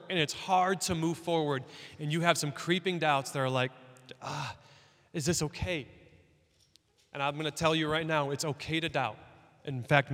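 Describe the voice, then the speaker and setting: Guy preaching a sermon in church, casual and animated, kinda high voice, long echo. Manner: conversational, animated preaching with acted quotes. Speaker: pastor.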